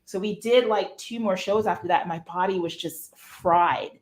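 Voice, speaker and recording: Lively woman telling her story. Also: fairly low pitch, moderate pace. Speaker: guest. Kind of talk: casual storytelling interview.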